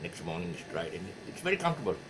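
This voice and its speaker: Man, Malaysian English accent, guitar teacher, rambling and hesitant, low voice, noisy background. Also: sing-song, racing. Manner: rambling, hesitant, many fillers and restarts. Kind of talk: casual video lesson talk. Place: his music shop.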